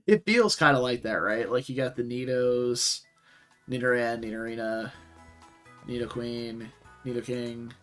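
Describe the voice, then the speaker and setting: A man's voice: medium pitch, unhurried, pauses often, a bit bright, soft background music. A man from the Southern US giving casual, rambling gameplay commentary with many fillers and self-corrections. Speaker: streamer playing a game.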